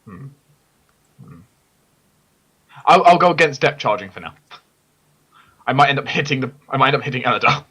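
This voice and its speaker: A young man playing a tabletop game, chatting quickly and often repeating himself as he starts his sentences. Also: medium pitch, expressive, pushed and bright, breathy edge. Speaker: player. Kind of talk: casual tabletop game chat.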